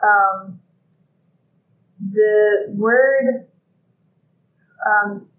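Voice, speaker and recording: A teacher giving a thoughtful, halting lecture with many pauses and fillers. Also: mid-range voice. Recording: echoey, phone-like lo-fi with faint noise.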